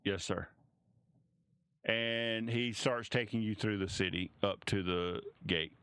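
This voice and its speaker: Guy running a tabletop game, slow and halting, smooth clear voice, dry sound. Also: fairly low pitch, fairly even intonation, a bit bright, dry recording. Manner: halting, many restarts and fillers. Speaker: game master.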